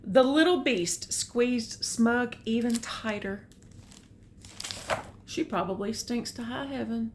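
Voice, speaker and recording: An older woman reads a children's picture book aloud at a slow, unhurried pace. Her voice sits a little high, and she pauses to chat about the pictures. A faint hiss runs under the recording. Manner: slow, gentle, comments on the pictures. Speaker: storyteller. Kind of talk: reading a picture book aloud with chatty asides.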